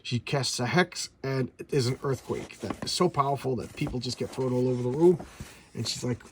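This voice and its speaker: Over some background noise, a middle-aged man with a medium-pitched voice talks at normal speed about old comics. He's the host of a casual comic review chat, a collector whose excited, wandering speech keeps breaking into stammered restarts.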